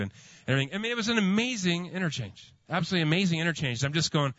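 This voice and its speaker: A man's voice: a little high, expressive, very fast, a bit bright, no room sound, lo-fi sound. Rambling, storytelling male pastor. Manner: storytelling, many fillers and restarts. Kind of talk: sermon.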